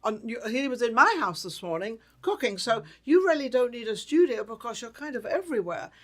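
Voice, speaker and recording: A woman's voice: a little high, big pitch swings, fairly quick, fairly bright tone. A woman hosting a talk show interview, chatting casually and rambling, often repeating herself.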